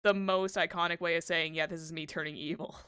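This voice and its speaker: Smooth-voiced chatty woman streamer. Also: on the low side, fairly even intonation, fast, pushed and bright. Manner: rambling, chatty. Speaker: streamer host. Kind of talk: casual chat while drawing.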